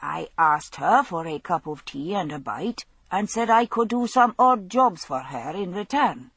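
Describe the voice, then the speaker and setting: A woman's voice: on the low side, lively intonation, measured pace, a bit bright, slightly rough, dry recording, heavily acted. A woman voicing an old bearded male tramp with a Scottish accent, who talks in a wheedling, nervous way with dialect speech.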